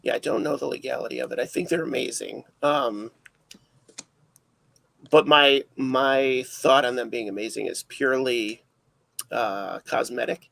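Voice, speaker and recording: A man's voice: medium pitch, steady tone, measured pace, creaky, a bit bright, rough recording. A man hosting a casual livestream chat, rambling and self-deprecating, full of fillers. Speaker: livestream host.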